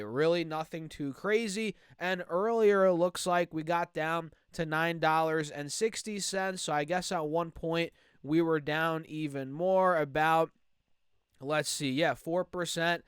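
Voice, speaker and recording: A man with a nasal, stuffed-up voice talks stocks with upbeat energy, calling out to his viewers. His voice sits a little high and comes through very clean. The recording is dry and close, with no room sound. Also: clear, resonant tone, dry recording. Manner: energetic, chatty, addresses viewers directly. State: nasal from allergies. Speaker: stock market YouTuber. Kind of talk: casual market commentary.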